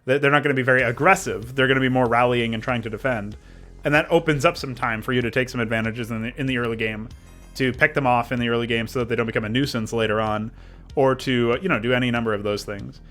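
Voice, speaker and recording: Faint background music accompanies a modding streamer who chats casually about design and answers viewers while working on a game mod live. He rambles and keeps restarting, in a mid-range man's voice that is steady, quick and fairly bright.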